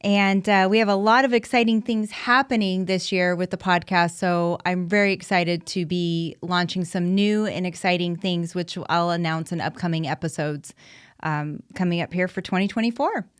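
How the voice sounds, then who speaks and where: A woman in her thirties, the mother of an autistic son, hosts a casual solo podcast about life with him. Her voice is low-leaning, smooth, and steady at a moderate pace, recorded in clean studio sound with no room sound. She talks candidly and chattily, with frequent ums and restarts.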